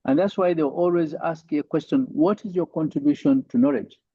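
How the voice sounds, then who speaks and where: A man's voice: on the high side, brisk, breathy edge, no room sound, narrow, tinny audio. A male university lecturer giving an online lecture, tagging sentences with "right?" and many fillers.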